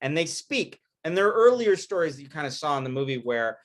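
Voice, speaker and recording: Lively, animated male lecturer. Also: fairly high pitch, brisk. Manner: animated, informal storytelling with slang. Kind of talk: casual recorded lecture.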